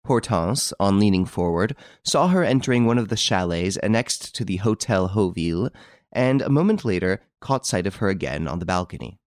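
A male audiobook narrator with a low voice and animated, expressive delivery. His reading moves through wide swings in pitch as he tells the story. The recording is dry, with no room sound. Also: normal speed, no room sound.

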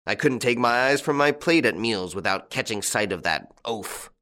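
A man voicing a gruff, bossy old male farmer with loud, blustering outbursts in an audiobook. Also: medium pitch, animated, moderate pace. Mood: roaring alarm. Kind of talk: audiobook character voice.

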